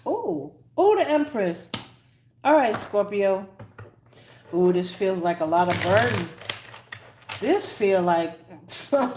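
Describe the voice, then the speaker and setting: A woman giving a live tarot reading, chatty and unhurried, choked up and often clearing her throat. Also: medium pitch, animated, slight background noise. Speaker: tarot reader.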